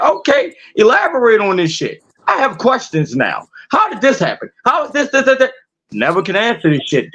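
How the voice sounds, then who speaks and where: High-voiced man ranting in heated slang. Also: fairly bright tone. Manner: profane, confrontational, repeating rhetorical questions. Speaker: podcast host.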